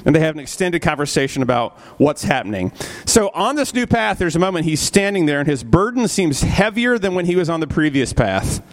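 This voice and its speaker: A man's voice: a little high, expressive, brisk, hardly any pauses. A man teaching a church Bible study class in a conversational way, asking the group questions, often adding "right?", and briefly acting out the characters he quotes. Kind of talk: interactive church class lecture.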